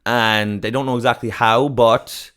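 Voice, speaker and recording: Brief: Irish man, comedian guest, loose and rambling, swears a lot, mid-pitched voice. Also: fairly even intonation, measured pace, a bit bright, clear, resonant tone. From south of Ireland. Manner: rambling and profane, with many fillers. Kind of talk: casual chat.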